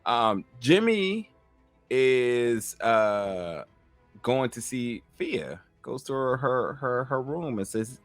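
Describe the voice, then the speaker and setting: A man's voice: medium pitch, slow, dry recording, faint music behind. A man with a Southern US accent recapping a TV episode in casual chat, acting out lines and padding with fillers. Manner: animated, acts out quotes, frequent fillers. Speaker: podcast co-host reviewing a TV episode.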